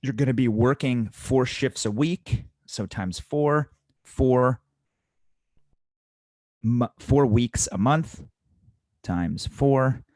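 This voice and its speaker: A man's voice: medium pitch, drawn-out words, pauses often, a little mellow, no room sound. A man teaching restaurant servers in an instructional talk, coaching them through the math step by step and repeating key points for emphasis.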